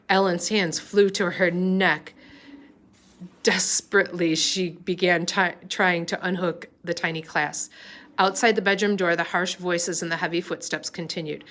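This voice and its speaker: A woman reading a novel aloud, unhurried, with small slips and restarts. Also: lowish voice, fairly bright tone. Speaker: reader.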